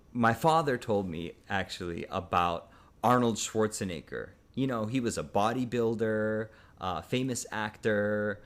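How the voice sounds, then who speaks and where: A fairly low-voiced man giving a relaxed video English lesson. He thinks aloud as he goes and often pauses on um and uh. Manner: thoughtful, frequent um and uh fillers. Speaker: English teacher.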